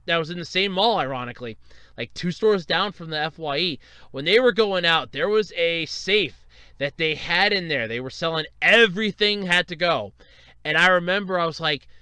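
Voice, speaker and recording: Animated, high-voiced rambling podcast host. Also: male voice, smooth, no room sound. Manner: rambling, profane, animated storytelling. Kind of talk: casual solo podcast rant.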